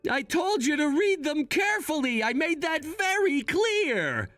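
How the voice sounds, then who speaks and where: A man voicing a calm, calculating young adult son who speaks in a matter-of-fact, quietly scheming way. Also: extremely high pitch, measured pace, no room sound, faint music behind, heavily acted.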